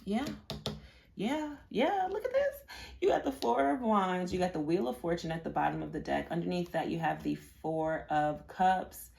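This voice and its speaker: Female tarot reader, low gravelly voice, casual and rambling delivery. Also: animated, normal speed, darkish tone, slight background noise. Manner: chatty and rambling, with many fillers and repeated words. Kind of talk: casual pick-a-card tarot reading.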